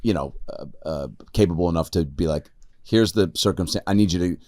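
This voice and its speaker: A man hosting a podcast in a casual interview, reacting quickly and swearing casually. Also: low-pitched, a little mellow, no room sound, studio quality. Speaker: podcast host.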